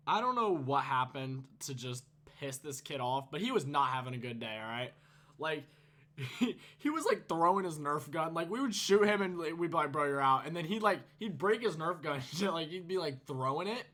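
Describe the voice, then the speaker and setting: A man's voice: on the high side, lively intonation, normal speed, sharp tone. A teenage man telling a storytime vlog, casual and profane, rambling and laughing. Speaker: YouTuber.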